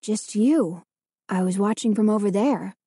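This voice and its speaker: A soft, gentle boy's voice full of concern, as a woman reads his lines. The sound is dry and close, slightly husky, without any room around it. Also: mid-range voice, unhurried, no room sound. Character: concerned boy, gentle and worried.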